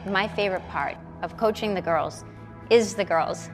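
A middle-aged woman, a cheerleading director, speaking proudly and warmly in a documentary interview. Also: mid-range voice, normal speed, over music. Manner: warm, proud.

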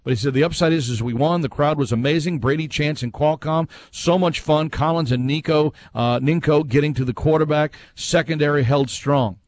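A man with a fairly high, darkish voice talks briskly with few pauses and no echo. He hosts a casual sports talk show, conversationally reading listener messages aloud and reacting with his own opinions.

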